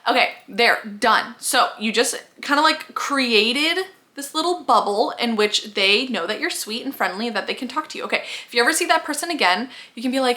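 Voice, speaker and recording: A woman's voice: fairly high pitch, lively intonation, brisk, bright, forceful tone. A young woman in her twenties giving friendly advice in a chatty, upbeat vlog, often saying "like". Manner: chatty and upbeat, many "like" fillers. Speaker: vlogger.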